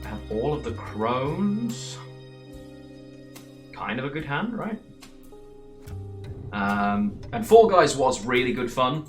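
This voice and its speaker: A man's voice: medium pitch, big pitch swings, slow pace, pauses often, soft background music. A man giving casual, rambling gameplay commentary while streaming and answering chat between plays. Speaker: streamer playing a card game.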